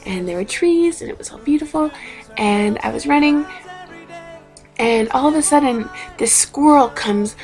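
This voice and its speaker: A young woman in her twenties telling stories in a casual, animated video diary, acting out other people's lines in a raised voice. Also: normal speed, soft background music. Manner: animated, chatty, acts out quotes in higher voices. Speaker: vlogger. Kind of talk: casual storytelling vlog.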